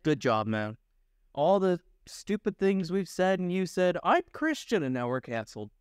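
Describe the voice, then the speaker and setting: A man co-hosting a casual comedic chat, teasing his partner with quick jokey comebacks. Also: on the high side, expressive, darkish tone, smooth, no room sound, clean studio sound. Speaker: podcast co-host.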